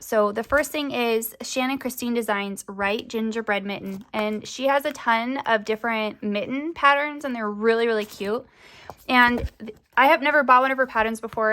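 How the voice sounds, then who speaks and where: A woman's voice: a little high, fairly bright tone. A young woman chatting casually to camera as a crafting vlogger, rambling with lots of fillers, her voice often rising at the ends of sentences.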